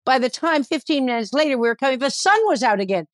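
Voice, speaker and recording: A woman's voice: high-pitched, expressive, fast, no room sound, clean studio sound. A woman with a Newfoundland accent, a comedian guest chatting irreverently and swearing freely as she tells stories. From Newfoundland, Canada. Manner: salty, irreverent storyteller who swears freely. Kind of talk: casual interview chat. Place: at home, remote interview.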